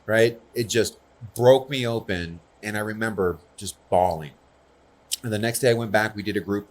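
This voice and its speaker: A man speaking earnestly and personally at a conference, often checking in with the audience. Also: low voice. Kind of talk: conversational conference talk.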